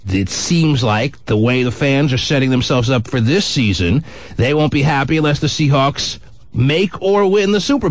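A middle-aged man hosts a call-in radio show and trades wry, teasing remarks with callers. His pitch sits a little high and swings widely. The studio mic is close and dead dry. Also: no room sound. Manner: wry, teasing, quick banter. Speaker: radio talk show host. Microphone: studio microphone.

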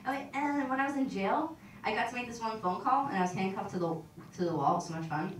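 A young woman doing a stand-up comedy set on a club stage, talking in an awkward, deadpan, self-deprecating way. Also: on the high side, quick pace. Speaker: stand-up comic. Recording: echoey room from far off, noisy.

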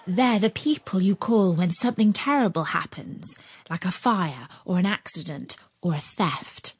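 A woman narrating a children's audiobook in an expressive storytelling way. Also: fairly low pitch, a little slow, breathy edge, no room sound.

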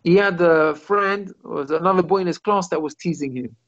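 A man teaching a Torah class as a rabbi over a video call. He tells stories and often pauses to search for English words. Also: a little high, a bit bright. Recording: muffled video call audio.

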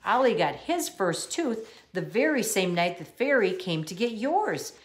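A kindly storybook father, gentle and amused, read by a woman. His lines rise and fall with lively pitch. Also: measured pace. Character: kindly, easygoing dad.

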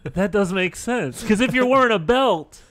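A man's voice: high-pitched, expressive, moderate pace, no room sound. A man co-hosting a casual podcast, teasing the others and chuckling through cheeky questions. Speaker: podcast co-host.

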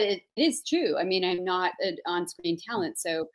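A woman's voice: lowish voice, normal speed, hardly any pauses. A woman hosting an interview over a video call, playful, chatty and self-mocking. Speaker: host. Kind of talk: interview, casual chat.

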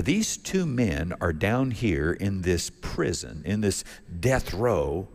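Man, pastor, folksy sermon storytelling, very animated pitch, long church reverb. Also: vocal fry. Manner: folksy storytelling, acts out characters. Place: church sanctuary.

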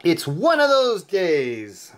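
A tired, sleepy man giving chatty, excitable gameplay commentary as host of his own channel, laughing often. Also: high voice, slow pace. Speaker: mobile game player and YouTube host.

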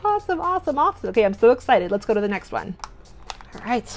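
A young woman hosting a toy unboxing vlog, bubbly and gushing, breaking into squeals and cheers. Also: on the high side. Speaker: toy unboxing channel host.

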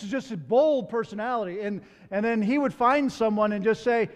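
A man's voice: extremely high pitch, animated, fairly quick, in a large hall. A man preaching a sermon as pastor. He tells stories in a conversational way, with candid asides.

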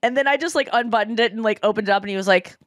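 Woman podcast host in her thirties, high-ish voice, chatty and giggly, dry close mic. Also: racing, dry recording. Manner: candid, giggly storytelling with many fillers. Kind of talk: casual chat.

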